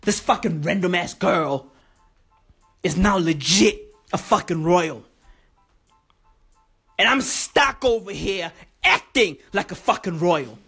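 A woman doing a bitter, jealous diva muttering in a sulky grumble. The voice drops well below her own and moves slowly, with faint music in the background. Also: lowish voice, animated, a bit bright, slightly rough, pitched below the performer's own voice, heavily acted. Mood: resentful. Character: bitter female pop star, jealous and sulky.

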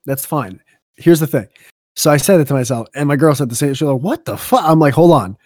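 A man's voice: mid-range voice, fairly quick, darkish tone, dry recording, clean studio sound. A male podcast host in casual chat, telling a long, rambling, profane story.

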